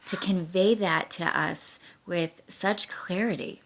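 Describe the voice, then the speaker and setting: A woman's voice: on the low side, steady tone, takes it slowly, fairly bright tone, a little hiss or hum. Woman interviewer, encouraging. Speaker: interviewer, host. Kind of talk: casual interview chat.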